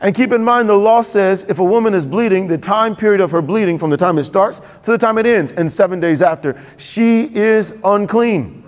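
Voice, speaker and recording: A man preaching a sermon, talking conversationally and quickly and asking the congregation questions. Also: sits high. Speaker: pastor. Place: church sanctuary. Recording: long reverb of a church hall.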